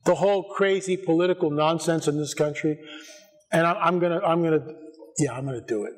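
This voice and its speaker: An American man giving a lively church conference talk, full of sarcastic asides and bursts that climb to near-shouts. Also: on the high side, a little fast. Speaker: conference speaker. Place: church sanctuary before an audience.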